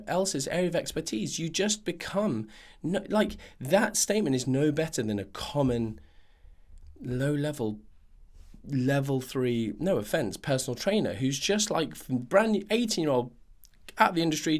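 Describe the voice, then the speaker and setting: A man hosting a nutrition podcast, ranting in a casual monologue full of fillers and restarts. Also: on the high side.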